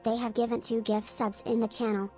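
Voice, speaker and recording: A synthetic woman's voice reading stream alerts aloud in flat, evenly paced announcements. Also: mid-range voice, fairly quick, faint music behind. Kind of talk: text-to-speech alert reading.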